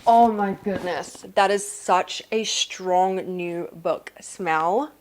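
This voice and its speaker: A young woman from New Zealand talks through a casual unboxing vlog at home. She sits at an ordinary, middle pitch and gushes often, slipping into gasps as she goes. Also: takes it slowly, a little hiss or hum. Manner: excitable and gushing, with gasps. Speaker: vlogger.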